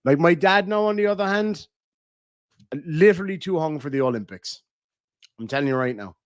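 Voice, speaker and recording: A man's voice: a little high, animated, normal speed, no echo. Casting: Irish man, Cork accent, live streamer, foul-mouthed joker, dry close sound. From Ireland. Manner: crude, joking banter, heavy swearing. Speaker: live streamer reading chat. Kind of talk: casual live-stream chat.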